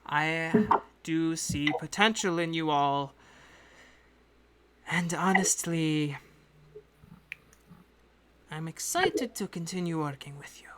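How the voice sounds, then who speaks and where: A woman's voice: deep voice, smooth. A woman voicing a composed, secretive female patron who speaks formally with a put-on accent. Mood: earnest. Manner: formal, measured, polite speech in a put-on accent. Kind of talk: in-character tabletop narration.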